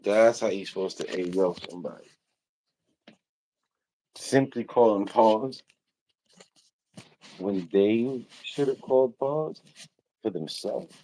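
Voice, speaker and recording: Slow deep-voiced man, laughing storyteller. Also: warm tone, poor audio. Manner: laughs often, swears, rambling storytelling. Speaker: host. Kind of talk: casual livestream chat.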